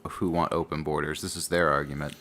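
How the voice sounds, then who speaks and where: A man's voice: very deep voice, level tone, fast talker, a bit bright. A man co-hosting a podcast, explaining things at length in casual political chat. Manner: explains at length, hesitant fillers. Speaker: podcast co-host.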